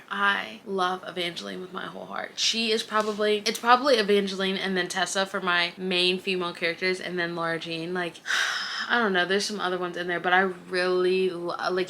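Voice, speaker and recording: A young woman gushes over her favorite books in a loose, chatty vlog, piling on restarts and fillers. Her voice is bright and forward, with a faint hum of room noise behind it. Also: fairly low pitch. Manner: gushing, chatty, lots of "like" and restarts. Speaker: book vlogger. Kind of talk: casual book recommendation vlog.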